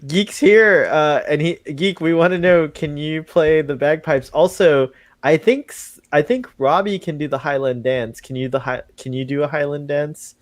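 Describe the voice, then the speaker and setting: A man's voice: on the high side, moderate pace, few pauses, no room sound, studio quality. A man co-hosting a casual live stream, chatty and upbeat, laughing often. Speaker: podcast co-host.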